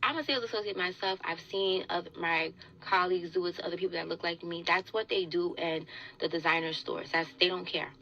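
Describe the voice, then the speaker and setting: A young woman telling a story in a casual podcast chat, animated and indignant, acting out the quotes she tells. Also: lowish voice, a little fast, creaky, few pauses, dull audio.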